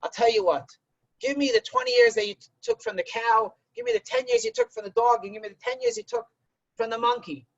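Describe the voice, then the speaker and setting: A man's voice: very high-pitched, wildly swooping pitch, brisk, gravelly, dry recording, lo-fi sound, voice pushed up, exaggerated voice. A man voicing a human who pleads and bargains with God in a fable. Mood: pleading.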